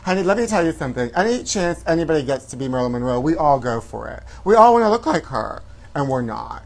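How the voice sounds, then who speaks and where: A man's voice: on the high side, big pitch swings, quick pace, gravelly. A man hosting a comedy gossip show, talking in a flamboyant, campy way and calling listeners honey. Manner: flamboyant, calls viewers honey.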